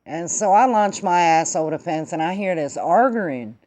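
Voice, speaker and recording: A woman's voice: lowish voice, expressive, normal speed, darkish tone. A woman hosting her own vlog, telling a story and ranting about politics in emphatic, profane, slangy talk. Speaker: vlog host. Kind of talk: casual political rant and storytelling.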